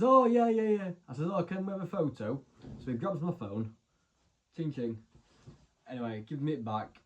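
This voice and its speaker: A man's voice: medium pitch, darkish tone, slightly rough. A young man, casually telling rambling stories to camera, full of "so anyway" and "like". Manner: chatty, rambling, lots of "so anyway" and "like". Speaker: vlogger.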